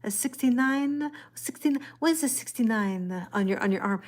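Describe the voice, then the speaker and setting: A woman voicing an elderly Italian mother with a cute Italian accent, asking halting, puzzled questions. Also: a little high, expressive, voice pushed up, natural voice.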